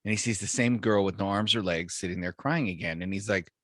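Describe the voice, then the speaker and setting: A man's voice: low-pitched, fast talker, fairly bright tone, dry recording, clean studio sound. A man co-hosting a podcast, telling jokes in a laid-back, chuckling way. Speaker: podcast co-host. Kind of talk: casual joke-telling chat.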